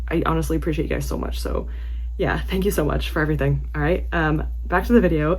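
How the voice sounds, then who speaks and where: Woman book vlogger, casual chat to camera, filler-heavy and animated. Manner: chatty, many "like" fillers, animated pitch swings.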